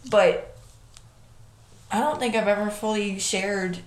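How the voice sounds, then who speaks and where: A woman's voice: medium pitch, slow pace. Female podcast co-host, blunt and profane, mid-range voice, roomy sound. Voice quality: blunt, swears constantly. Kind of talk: casual chat. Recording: roomy echo.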